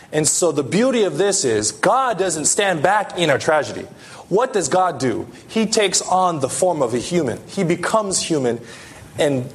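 A man preaching a sermon as pastor, earnest, lifting his voice for emphasis and dropping it soft. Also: a little high.

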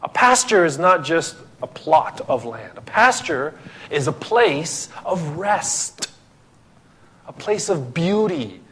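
A man's voice: a little high, sing-song, slow, fairly bright tone, husky. A man from the Philippines, preaching a sermon as pastor, emphatic and full of rhetorical questions.

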